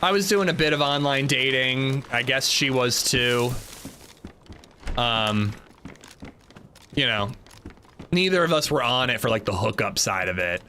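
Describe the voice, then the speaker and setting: A man's voice: medium pitch, unhurried, long pauses, slight background noise. A young man live-streaming a game, casually telling a story to his chat and laughing along. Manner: animated storytelling, laughing, reading chat aloud. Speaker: livestreamer.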